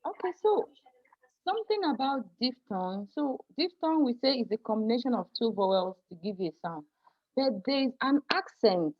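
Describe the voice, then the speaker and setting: A woman's voice: on the high side, big pitch swings, normal speed, highs cut off. Patient woman teaching an online class. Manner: patient, apologetic, laughs often, addresses students as dear. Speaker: French pronunciation teacher.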